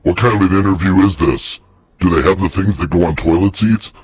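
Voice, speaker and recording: A man doing a gruff, husky ex-Area-51 scientist. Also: low-pitched, brisk, no room sound. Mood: irritated. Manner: gruff, exasperated, keeps repeating himself. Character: irritable middle-aged male ex-Area-51 scientist.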